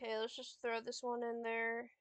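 A woman's voice: a little high, monotone, normal speed, smooth, dry recording. A young woman casually commentating her own board game play, frustrated, swearing and talking to herself. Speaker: streamer playing a board game.

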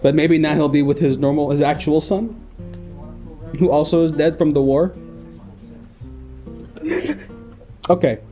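A man's voice: on the high side, measured pace, long pauses, soft background music. A man hosting a comedy call-in show, improvising with callers in a playful, goofy way. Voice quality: playful, goofy, bursts into loud pleading. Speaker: call center host character.

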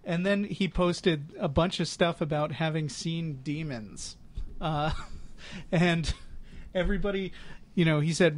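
A podcast co-host with a fairly high-pitched voice chats slowly and easily, with fairly even intonation. He spins a story like a chatty storyteller, sprinkling in amused, sarcastic asides.

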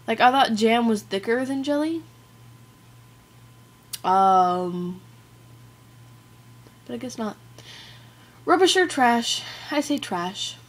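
A woman doing a casual challenge vlog into a webcam. She giggles a lot, mocks herself and fills pauses with um and like. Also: fairly high pitch, animated. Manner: giggly, self-deprecating, filler-heavy. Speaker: vlogger.

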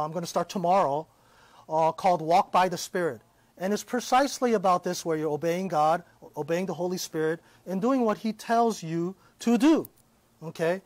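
A man's voice: sits high, dry recording. A man giving a casual live-streamed Bible lesson, preaching in a conversational way and often checking in with "okay?". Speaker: Christian teacher.

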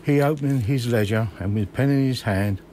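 A man in his sixties from Kent, reading his own memoir slowly and measuredly in a radio studio. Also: medium pitch, mellow, slight background noise.

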